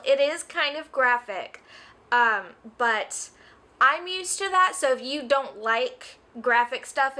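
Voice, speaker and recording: A woman's voice: on the high side, sharp tone. A young woman reviewing a book in a casual vlog, gushing and rambling, close to tears. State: tearful.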